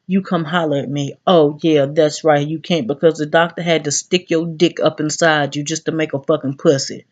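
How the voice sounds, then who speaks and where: A woman's voice: low voice, a little mellow, lo-fi sound. A woman in her thirties vlogging, ranting brashly and cursing freely as she talks straight to her viewers. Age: 30s. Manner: brash, profane, addresses viewers directly. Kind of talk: casual ranting vlog.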